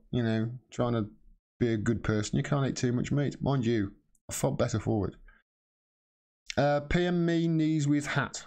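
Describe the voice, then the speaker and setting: Man, livestream host, blunt, impassioned, swears a lot, mid-pitched voice. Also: dark tone. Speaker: livestream host answering viewer questions. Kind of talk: casual live stream chat.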